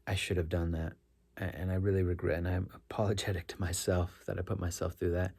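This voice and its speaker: Low gravelly man telling a story. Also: level tone, quick pace, darkish tone. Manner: rambling, self-correcting, earnest. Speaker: rideshare driver sharing stories. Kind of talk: casual reflective storytelling.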